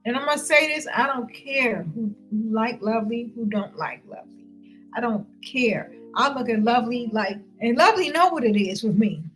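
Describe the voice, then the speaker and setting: High, bright, heated woman ranting. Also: animated, normal speed, soft background music, low-quality recording. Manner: loud, heated and confrontational, with frequent cursing. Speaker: vlogger ranting to viewers. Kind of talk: profane livestream rant.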